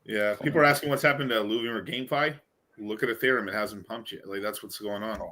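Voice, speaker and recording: A man hosting a casual crypto podcast, talking in an animated, slangy way. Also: fairly low pitch, fast talker. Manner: animated, slangy, laughing often. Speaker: podcast host.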